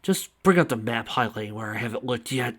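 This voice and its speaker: A man's voice: mid-range voice, animated, a little fast, fairly bright tone. A man reading the lines of a cocky, lovestruck young male squirrel hero in a dry, teasing way. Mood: wry.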